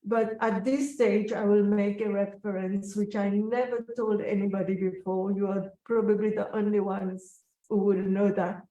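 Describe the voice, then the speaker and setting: A woman telling a personal story in an interview, slow, reflective and emotional. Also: mid-range voice, little pitch movement, dark tone, highs cut off. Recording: echoey room, voice from a distance.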